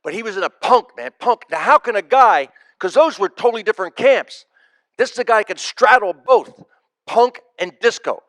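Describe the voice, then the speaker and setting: A man's voice: high voice, animated, moderate pace, fairly bright tone, no room sound. A man, a comedian, telling punchy, repetitive stories at a live memorial tribute. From United States. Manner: emphatic, repeats key phrases for punch. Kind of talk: stand-up storytelling at a memorial. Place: live event before an audience.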